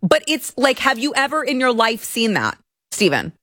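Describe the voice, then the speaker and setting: A woman's voice: on the high side, very animated, normal speed, a bit bright, no echo, studio quality. A woman from Texas hosting a commentary stream, ranting indignantly and stumbling over restarts as she talks. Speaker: political commentary host. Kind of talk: opinion livestream commentary.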